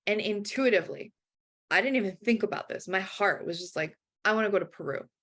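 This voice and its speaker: A woman's voice: medium pitch, brisk. A woman guest telling a personal story in a casual interview, acting out the voices of the people in it. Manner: animated, acts out quoted dialogue.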